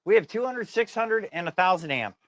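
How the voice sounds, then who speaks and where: High-pitched middle-aged guy telling a shop-floor story, swearing and laughing. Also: animated, brisk, a bit bright. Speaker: streamer telling a work story. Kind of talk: casual chat.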